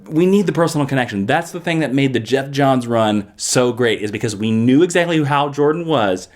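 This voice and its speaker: Animated, jokey man reviewing comics. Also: mid-range voice, a little fast. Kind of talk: casual review vlog.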